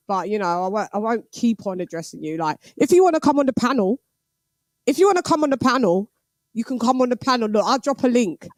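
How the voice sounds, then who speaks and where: A woman hosting a boxing livestream, chatting casually with patois slang and lively banter. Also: a little high, no echo.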